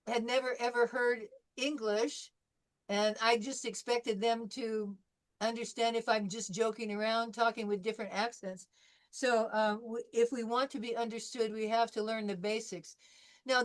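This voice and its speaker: An older woman from California teaching a French class, chatting through anecdotes with fillers and restarts. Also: on the high side. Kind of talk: classroom lesson wrap-up.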